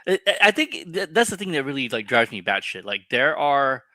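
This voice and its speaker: A man's voice: mid-range voice, very animated, brisk, pushed and bright, no room sound. A man co-hosting a casual collectibles podcast, ranting with heated, profane opinions. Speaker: podcast co-host. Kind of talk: casual chat.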